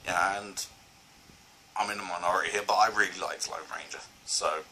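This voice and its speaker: On his vlog, a man rambles through a casual film review, hopping between thoughts with lots of fillers and restarts. His slightly low voice carries a sharp, forceful edge, holds a steady tone at a moderate pace, and sounds enthusiastic despite poor audio with a faint background hiss.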